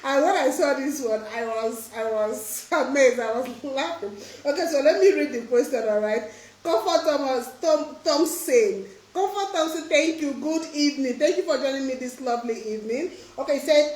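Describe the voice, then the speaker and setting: A woman's voice: high voice, expressive, normal speed. A woman eye doctor answering questions in a live stream, earnest and emphatic, often breaking into laughter. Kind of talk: live stream Q&A, casual advice. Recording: roomy echo.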